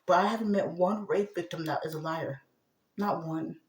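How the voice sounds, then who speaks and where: A woman talking to the camera in a rambling personal monologue, agitated, going from a low murmur to loud outbursts. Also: normal speed, echoey room.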